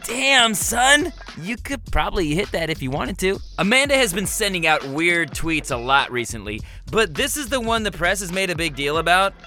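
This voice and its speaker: A man's voice: high-pitched, very animated, moderate pace, hardly any pauses, pushed and bright. A man hosting a podcast, rattling off sarcastic comedic music news and chatting with a guest in a studio. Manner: sarcastic, jokey delivery. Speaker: podcast host. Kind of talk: comedic news rundown and interview.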